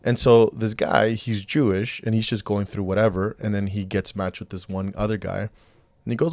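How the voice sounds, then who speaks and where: A man's voice: lowish voice, level tone, moderate pace, a little mellow, dry recording. A man co-hosting a casual podcast, rambling with many restarts and acting out quoted dialogue. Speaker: podcast co-host.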